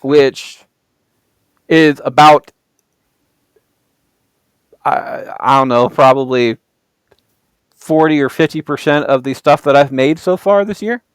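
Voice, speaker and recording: A man's voice: on the high side, takes it slowly, long pauses, clean tone, no echo. A man hosting a podcast in casual chat from a home basement, blunt and swearing casually. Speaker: podcast host.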